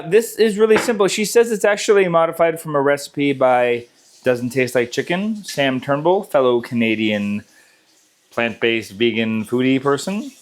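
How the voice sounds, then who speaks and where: A man hosting a casual cooking video, walking through a recipe in his home kitchen in an easygoing, chatty way. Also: mid-range voice. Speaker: cooking channel host.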